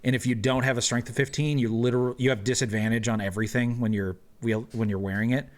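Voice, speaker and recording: A man's voice: medium pitch, fairly even intonation, fast. A man explaining rules and narrating the action as game master of a tabletop game, laughing easily.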